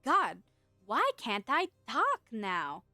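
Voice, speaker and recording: Woman streamer, playful and giggly, loose and sweary; slightly high, dry close-miked sound, faint music underneath. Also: wildly swooping pitch, slow, bright, forceful tone, dry recording. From United States. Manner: playful, laughs often, swears casually. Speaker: VTuber streamer. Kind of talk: casual chat reading viewer messages.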